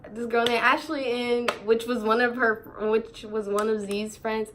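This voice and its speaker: Animated young woman telling a storytime. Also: a little high, unhurried, slight background noise. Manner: animated, laughing, quoting others in slang. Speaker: vlogger. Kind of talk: storytime vlog, casual chat.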